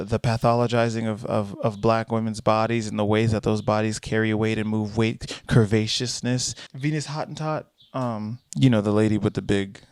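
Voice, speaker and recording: A man records a casual vlog monologue, rambling and animated as he corrects himself mid-sentence. His voice has a gravelly edge. The sound is dry and close. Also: on the low side, dry recording. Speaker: vlogger and comedian. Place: in transit, Boston.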